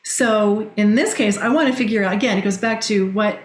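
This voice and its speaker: A woman's voice: mid-range voice, brisk. A middle-aged woman, a direct-selling leader, telling stories and coaching advice in a podcast interview, often acting out quoted speech. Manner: animated storyteller, quotes others. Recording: roomy echo.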